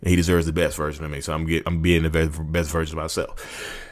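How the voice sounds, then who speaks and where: Man, 30s, very deep voice, quick delivery, fervent rambling rant, podcast host. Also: little pitch movement, very noisy. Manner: rambling, repetitive, fervent, addresses listeners as y'all. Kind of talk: impassioned motivational rant.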